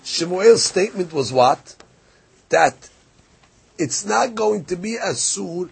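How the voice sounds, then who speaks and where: A man's voice: sits high, animated, slow pace, vocal fry, pauses often, breathy edge. A man teaching a daily Talmud class, reading the text aloud in Hebrew and Aramaic and then explaining it in English. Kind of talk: Daf Yomi Talmud class.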